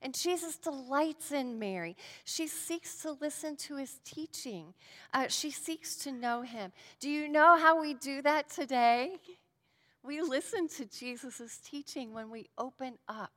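A woman giving a sermon and a prayer, earnest and shifting between emphatic lines and hushed ones. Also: sits high, a little slow, long reverb tail. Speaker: speaker at a devotional.

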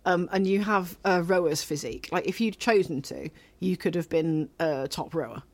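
A woman's voice: on the low side, moderate pace, dry recording. A woman co-hosting a podcast, talking in a chatty, meandering, teasing way. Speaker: podcast co-host. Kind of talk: casual chat.

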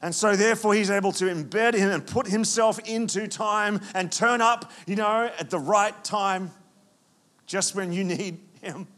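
A man preaching a sermon, with animated storytelling and frequent restarts. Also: high voice, measured pace. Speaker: pastor.

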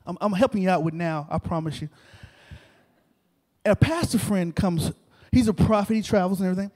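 Male preacher, high voice, animated storytelling sermon in a church hall with a long echo. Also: a little fast. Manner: animated, repetitive, talks to the crowd. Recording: long reverb of a large hall.

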